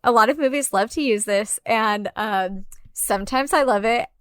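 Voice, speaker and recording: A woman's voice: fairly high pitch, moderate pace, clean tone, no echo, clean studio sound. A woman co-hosting a podcast, talking casually and animatedly about a film, with lots of "like" fillers and the odd swear. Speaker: podcast co-host.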